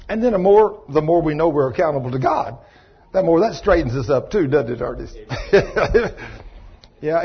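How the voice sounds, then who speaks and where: A man preaching a folksy, storytelling sermon in a colloquial, animated way. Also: fairly high pitch, slightly rough, dull audio. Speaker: pastor.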